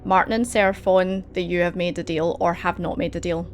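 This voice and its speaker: A woman's voice: fairly low pitch, fairly even intonation, fairly quick, a little hiss or hum. A woman narrating as game master, hesitating often over fillers and laughing between lines. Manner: hesitant, filler-heavy, giggly.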